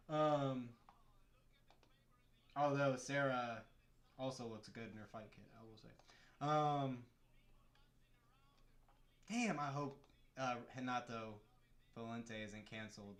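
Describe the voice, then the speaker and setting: A man's voice: medium pitch, roomy sound. A man hosting a casual live stream, chatting and joking as he talks through the fights and answers his chat from a room at home. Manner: chatty, jokey, reads chat aloud.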